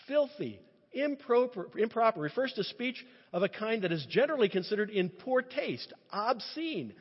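A man preaching a sermon in an impassioned, animated way, often restarting his phrases. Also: high voice, husky. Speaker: pastor. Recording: muffled sound with long reverb.

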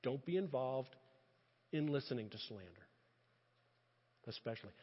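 A man preaching a sermon in an impassioned, animated way, often restarting his phrases. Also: medium pitch, moderate pace, slightly rough. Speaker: pastor. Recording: muffled sound with long reverb.

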